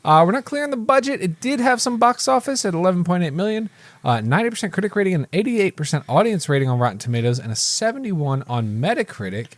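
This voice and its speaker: A man co-hosting a movie podcast in casual chat, chatty and quick to laugh. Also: high-pitched, sing-song, dry recording. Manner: chatty, reads reviews aloud, laughs easily. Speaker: podcast co-host.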